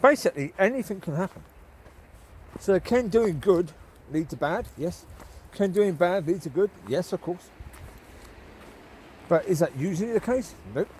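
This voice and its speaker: Man, high animated voice, casual rambling faith talk on a countryside walk. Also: moderate pace, a little hiss or hum, low-quality recording. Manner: rambling, conversational, asks listeners tag questions. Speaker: lay Christian vlogger. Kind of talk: casual spoken devotional while walking. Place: outdoors in the countryside, walking dogs.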